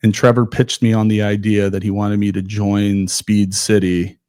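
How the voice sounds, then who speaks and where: A man in his forties from Ohio, a guest on a podcast. He speaks in a relaxed, conversational way and briefly voices the people he quotes. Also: on the low side, moderate pace, smooth, dry recording, studio quality. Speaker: podcast guest, former runner. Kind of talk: casual storytelling interview.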